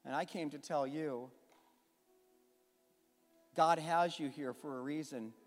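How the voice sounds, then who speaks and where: In a church sanctuary, a fervent pastor with a fairly high voice preaches slowly, then leads a closing prayer, building toward impassioned emphasis. Long church reverb and faint music fill the recording.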